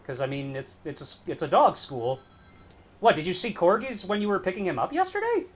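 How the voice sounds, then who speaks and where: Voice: medium pitch, very animated, a little fast. A young adult streamer chatting casually with their mother, teasing her and stumbling over restarts. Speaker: streamer, host. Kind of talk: casual chat on a game stream.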